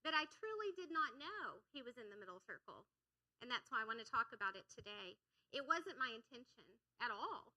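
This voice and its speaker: A woman's voice: fairly high pitch, sing-song, fairly quick, bright, forceful tone, rough recording. A middle-aged woman, a pastor's wife, preaching a sermon in a church, earnest and repeating phrases for emphasis. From United States. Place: church sanctuary.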